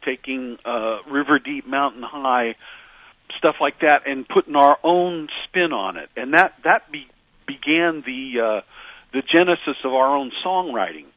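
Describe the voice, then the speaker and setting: A man with a bright, forceful voice tells stories as a musician guest, meandering through fillers and restarts. The voice is dry and close, with a slightly dull lo-fi radio sound. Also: medium pitch, lively intonation, unhurried, dry recording. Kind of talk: reflective radio interview storytelling.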